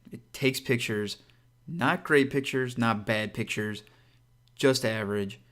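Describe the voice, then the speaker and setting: A man hosts his own channel and walks through a phone review in a relaxed, conversational way. He sounds upbeat and direct, with an ordinary middle-pitched voice, and keeps turning to the viewer with casual asides. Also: slow. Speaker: tech reviewer and channel host.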